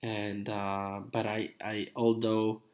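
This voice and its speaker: Slow-talking sick Italian man. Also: fairly low pitch, level tone, darkish tone. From Italy. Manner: slow, repetitive, drawn-out. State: sounding sick. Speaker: live streamer. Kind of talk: casual live stream chat.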